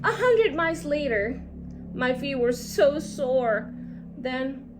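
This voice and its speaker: A woman reading a rhyming children's storybook aloud in a sing-song, expressive way. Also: sits high, unhurried, slight background noise. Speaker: storybook reader.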